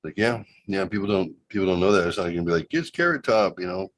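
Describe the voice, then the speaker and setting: A man's voice: low-pitched, level tone, rapid-fire, slight background noise. A man co-hosting a casual podcast, joking around and telling a long rambling story full of restarts. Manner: rambling, joking, fake ad taglines. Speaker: podcast co-host.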